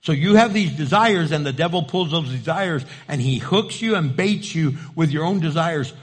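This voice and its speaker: Man, preacher, sermon, high voice, emphatic, repetitive, rhetorical questions. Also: expressive, moderate pace, hardly any pauses, husky. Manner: emphatic, repeats key phrases, asks rhetorical questions.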